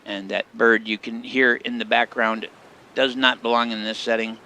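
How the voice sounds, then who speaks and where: A male game streamer chatting casually while he plays. His voice is gravelly, with a bright, forward edge, and he drifts easily into rambling asides. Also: medium pitch, level tone, moderate pace. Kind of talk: casual gameplay commentary.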